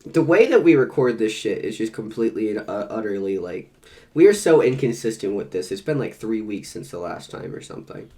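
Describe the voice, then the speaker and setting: A man's voice: lowish voice, big pitch swings, fairly quick, mellow. A man co-hosting a casual read-along podcast, joking and swearing freely while sick with covid. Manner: swears freely, jokey and self-mocking. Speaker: podcast co-host.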